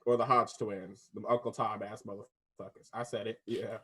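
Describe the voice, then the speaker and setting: A young man co-hosting a casual debate podcast, telling stories with lively energy and frequent laughs. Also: on the low side, normal speed, husky. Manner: animated storyteller, laughs often, acts out voices. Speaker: podcast co-host.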